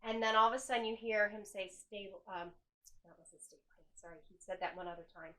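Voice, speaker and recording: Woman hotel owner, bright clear tone, lively storyteller who acts out the voices she quotes. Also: medium pitch, fast, low-quality recording. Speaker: hotel owner leading ghost hunts. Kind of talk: casual storytelling. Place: indoors in an old hotel.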